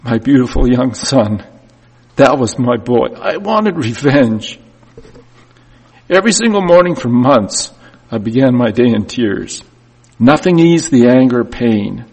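A man's voice: medium pitch, expressive, a little slow, darkish tone, husky. A man preaching a sermon and telling a hard story in the first person, his voice swelling and dropping with emotion. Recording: long reverb of a church hall.

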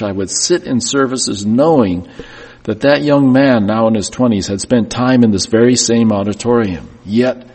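A man with a medium-pitched, slightly mellow voice preaches a sermon, recounting a hard story in the first person as his voice swells and drops with emotion. The long reverb of a church hall surrounds him.

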